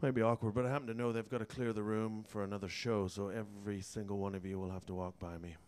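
A man's voice: lowish voice, flat delivery, fast, a crowd in the background. A man doing live stand-up comedy in a rambling, self-mocking way.

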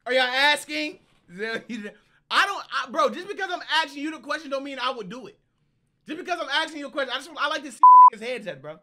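A man streaming reaction clips in casual chat, loud and laughing, with bursts of shouting and swearing. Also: extremely high pitch, big pitch swings, fast.

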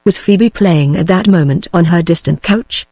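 A computer-generated woman's voice with a British English accent, reading an audiobook in an even, steady way. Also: fairly low pitch, moderate pace, no room sound. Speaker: narrator. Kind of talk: text-to-speech audiobook narration.

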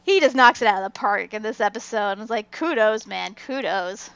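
A woman's voice: mid-range voice, animated, a little fast, creaky, fairly bright tone, no echo. Giggly woman on a dull, dry mic. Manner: chatty, giggly, says "like" a lot. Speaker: podcast co-host. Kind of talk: casual fan discussion.

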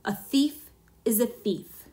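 A woman reading the part of a ruthless, vindictive businessman husband, speaking gruffly and smugly. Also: a little high, slow pace, mellow. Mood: cold, smug. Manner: gruff, smug, harsh.

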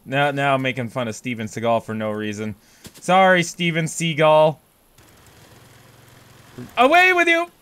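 A young man giving let's play commentary, bursting into loud panicked yells and swearing. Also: mid-range voice, normal speed, smooth. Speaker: gaming YouTuber.

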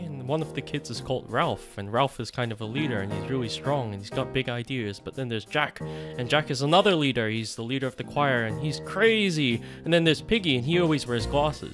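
A man's voice: mid-range voice, lively intonation, moderate pace, over music. Jokey man summarizing a book. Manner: playful, jokey, mock-dramatic asides. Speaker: online book explainer. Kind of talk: casual comic book summary.

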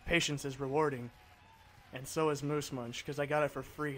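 A man's voice: a little high, steady tone, a little fast, fairly bright tone. Chatty young man, rambling commentary. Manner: rambling, chatty, easily sidetracked. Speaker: gaming video commentator.

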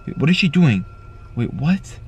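A man giving excited vlog commentary from inside a car, repeating himself with constant exclamations. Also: fairly high pitch, normal speed, slightly rough. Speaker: YouTuber.

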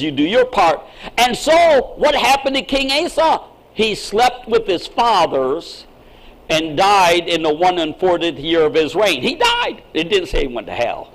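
A male pastor delivers a sermon in a high-pitched voice. He preaches emphatically, jumping up in pitch and volume for emphasis, and often repeats words as he restarts a thought. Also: low-quality recording. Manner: emphatic preaching with sudden swings in pitch and loudness.

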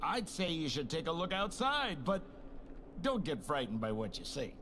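A man's voice: on the high side, big pitch swings, moderate pace, fairly bright tone, slight background noise. An actor voicing a sly, teasing young male trickster in video game dialogue, over game music. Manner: teasing, glib.

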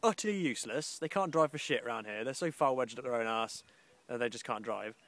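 A man's voice: mid-range voice, fairly quick, fairly bright tone. Young man, rambling, sarcastic grumbling, casual outdoor vlog, handheld camera. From English Midlands. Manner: rambling, grumbling and sarcastic, with mock posh voices. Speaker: vlogger. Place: outdoors by the coast.

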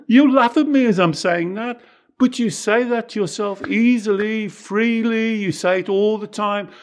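A man's voice: high voice, slow. A man co-hosting a self-help talk, speaking emphatically and acting out inner voices. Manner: emphatic, acts out inner voices, repeats himself. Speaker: teacher and podcast co-host.

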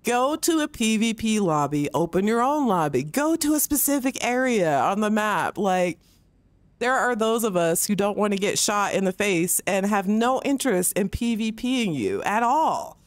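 Here a woman streamer goes on a heated, swear-filled rant while gaming live, close to the mic, often putting on voices to mock others. Her mid-range voice is very animated and moves at a moderate pace, and the audio has no room sound.

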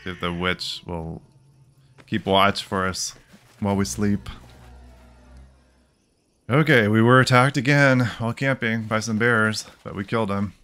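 Deep-voiced man narrating gameplay. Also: measured pace, long pauses, clear, resonant tone. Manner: thinking aloud, relaxed. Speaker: let's play host. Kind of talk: casual gameplay commentary.

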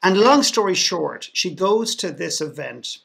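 Speaking a little slowly, this Irish man has a high, creaky, slightly bright voice that swings widely in pitch. As a podcast guest in a panel, he tells a sarcastic story and keeps restarting his sentences.

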